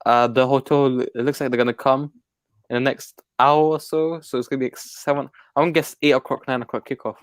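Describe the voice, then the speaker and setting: A man co-hosting a casual football fan chat, talking in a relaxed, laid-back way. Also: medium pitch, a little fast, no room sound. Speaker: co-host.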